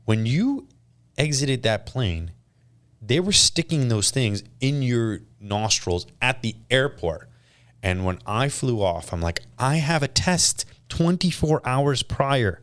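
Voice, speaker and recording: A man in his thirties from Canada, a podcast guest telling stories in casual chat and acting out quotes. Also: fairly low pitch. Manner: animated storytelling, acts out quotes.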